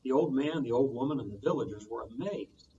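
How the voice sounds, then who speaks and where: Animated man reading a children's story. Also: mid-range voice, a little fast, distant mic, muffled recording, slight background noise. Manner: animated, sound effects. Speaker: children's librarian.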